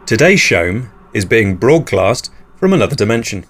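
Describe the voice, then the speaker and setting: A man hosting an absurdist comedy podcast, delivering whimsical nonsense in a deadpan way. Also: on the low side, normal speed. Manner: deadpan, whimsical, jumps into silly voices. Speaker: podcast host.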